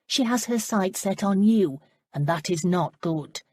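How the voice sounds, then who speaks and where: A woman's voice: mid-range voice, lively intonation, unhurried, mellow, no room sound, clean studio sound. A woman voicing a plain-spoken, motherly older village housekeeper. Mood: frank. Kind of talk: audiobook character voice.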